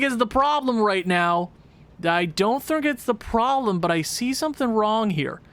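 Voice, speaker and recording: A young man with a high voice gives casual commentary on a sports video game. He talks through stats in an easy, chatty way, then rants and yells in exasperation as his team keeps losing. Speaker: gaming channel host.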